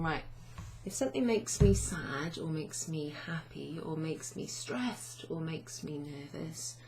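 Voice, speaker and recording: A woman's voice: on the low side, a little mellow, slight background noise. A woman teaching a chatty, self-deprecating online language lesson, often asking learners questions.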